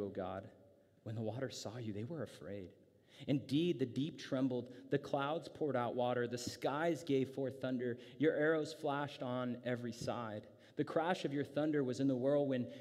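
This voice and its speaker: Man preaching, conversational, loose restarts, mid-pitched voice, long hall echo. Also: darkish tone. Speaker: pastor. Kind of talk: sermon.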